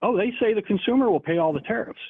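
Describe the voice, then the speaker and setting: A man's voice: high-pitched, lively intonation, quick pace, husky, no room sound. A man arguing and dismissively interrupting, heard over a call. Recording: tinny phone-like line.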